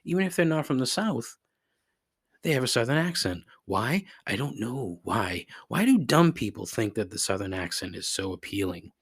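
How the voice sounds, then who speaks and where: A man's voice: medium pitch, big pitch swings, normal speed, breathy edge, no room sound, studio quality. A man hosting a solo podcast, ranting in a sarcastic, profane, exasperated way. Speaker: podcast host. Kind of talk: casual solo podcast rant.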